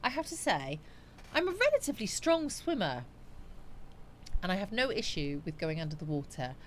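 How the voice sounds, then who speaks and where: A woman hosting a relaxed live chat stream, reading her viewers' comments and chatting back to them. Her delivery is loose and meandering, with frequent fillers and thinking out loud. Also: lowish voice, moderate pace, a little hiss or hum. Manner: chatty and rambling, musing aloud with frequent fillers. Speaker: livestream host.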